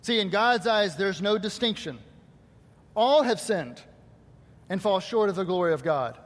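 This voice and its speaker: A man's voice: high-pitched, animated, unhurried. A male pastor preaching a sermon to his congregation, asking rhetorical questions and quoting scripture. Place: church hall. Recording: long hall reverb.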